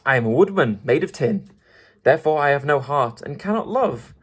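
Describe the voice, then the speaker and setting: A man voicing a gentle tin man who pleads for a heart, in an earnest, pleading way. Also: a little high, animated, moderate pace, breathy edge.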